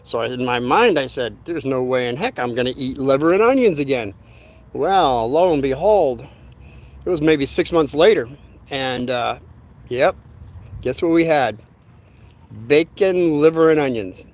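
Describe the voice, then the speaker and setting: A man's voice: mid-range voice, expressive, a little slow, darkish tone. Older guy telling a long folksy story on a live stream, lots of uhs and ums. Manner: rambling, folksy, with many fillers. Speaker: livestream host. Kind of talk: storytelling livestream.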